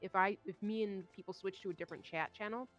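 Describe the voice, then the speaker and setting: A young woman streamer telling a story in casual chat, animated and swearing, acting out what others said. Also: medium pitch, fast talker, highs cut off, faint music behind. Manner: animated, swearing, acts out quoted voices.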